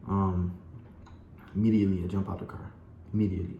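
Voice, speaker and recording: A man's voice: deep voice, little pitch movement, brisk, muffled recording. A young man telling a personal story to his viewers, rambling and full of "like" and "you know". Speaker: vlogger. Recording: echoey room with faint background hum.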